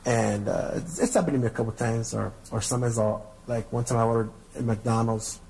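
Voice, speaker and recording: A man's voice: medium pitch, steady tone, fairly quick, gravelly, a little mellow, slight background noise, rough recording. A middle-aged man hosting a podcast, telling stories in a casual, profane, rambling way and repeating his words. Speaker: podcast host. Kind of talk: casual storytelling rant.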